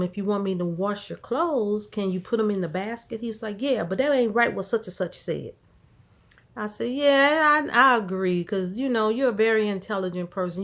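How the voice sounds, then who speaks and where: A woman casually telling a story from her caregiving job, quoting herself and a patient back and forth, with an encouraging, faith-tinged way of talking. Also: mid-range voice. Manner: encouraging, faith-infused talk. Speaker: caregiver sharing a workday story.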